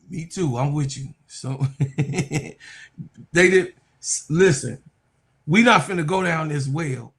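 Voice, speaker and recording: A man hosting a casual sports talk stream, reading viewer comments aloud. He is under the weather and breaks into loud, animated outbursts. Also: a little high, slow, pauses often. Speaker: sports talk show host.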